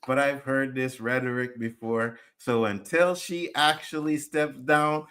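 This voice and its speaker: A man's voice: medium pitch, steady tone, unhurried, fairly bright tone, clean tone. A man co-hosting a livestream show, ranting casually and swearing constantly in heated outbursts. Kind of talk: casual profane rant.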